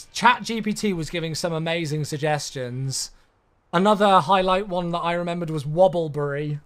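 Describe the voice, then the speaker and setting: A man's voice: high-pitched, fairly bright tone, clean tone. A man streaming a flight simulator, chatting in an easygoing way and answering viewers' questions aloud, a bit sleepy and yawning. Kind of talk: casual live-stream chat.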